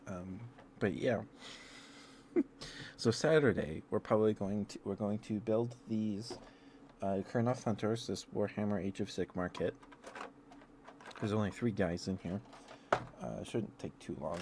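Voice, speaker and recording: A man streaming ASMR, chatting casually and excitedly with viewers in a rambling, friendly way. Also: on the low side, slight background noise. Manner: excitable, rambling, with fillers and quick laughs. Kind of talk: casual live-stream chat.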